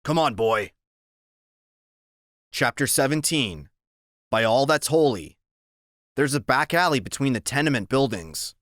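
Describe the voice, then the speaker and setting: A man narrating a novel in the first person, steady and unhurried. His voice sits at a middling pitch, and the recording is dry with no room sound. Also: no echo. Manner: steady, plain storytelling. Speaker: audiobook narrator.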